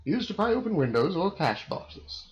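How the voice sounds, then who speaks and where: A man's voice: high voice, big pitch swings, moderate pace, slight background noise. A man streaming a game, giving casual wry commentary and reading item text aloud, on a muffled lo-fi recording.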